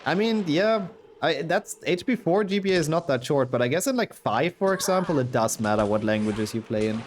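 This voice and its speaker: A man's voice: a little high, animated, brisk, slight background noise. A young man with a sick voice, casually commentating his speedrun and answering chat. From Germany. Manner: chatty, reads and answers chat while playing. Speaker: speedrunner streamer.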